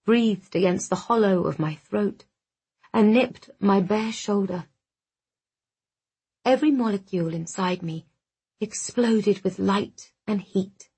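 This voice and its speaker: An audiobook narrator reads a first-person romance novel in a husky, breathy, medium-pitched voice. She takes her time, soft and intimately close, acting out the dialogue within the narration.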